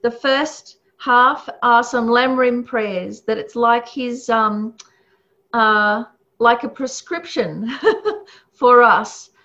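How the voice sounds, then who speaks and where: A woman teaches in a loose, conversational way, with frequent laughs and many fillers. Her voice sits a touch high. The recording sounds dull and lo-fi. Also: fairly bright tone. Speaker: Buddhist teacher. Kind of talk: casual teaching talk. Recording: muffled lo-fi recording.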